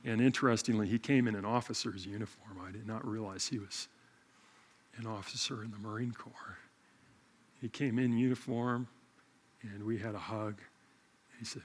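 A middle-aged male pastor telling a story in a sermon, animated and self-mocking. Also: on the low side, normal speed, long pauses, slightly rough.

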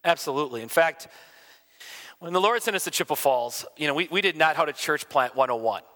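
A man, a pastor, telling stories in an animated way during a conversation, with his voice rising and dropping as he goes. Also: fairly high pitch, fast talker, in a large hall. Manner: animated storyteller, swings loud and soft. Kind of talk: storytelling in a conversation.

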